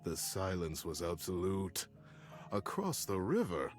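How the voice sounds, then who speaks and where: A man giving a scripted storybook narration in an expressive, theatrical way. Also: deep voice, a little slow, faint music behind.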